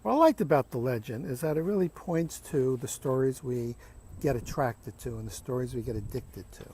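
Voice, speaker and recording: A man hosting a self-help video series, talking in an unhurried, reflective way from the deck of a beach house. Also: medium pitch, dark tone, husky. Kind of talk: reflective vlog monologue.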